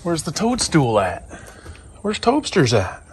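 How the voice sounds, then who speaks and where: Guy with a gravelly voice talking sweet to his dogs, faint noise behind. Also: a little high, huge pitch swings, takes it slowly. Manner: coaxing, affectionate, sing-song to the dogs. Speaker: dog vlogger. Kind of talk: casual talk to his dogs. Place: outdoors in a yard, then indoors.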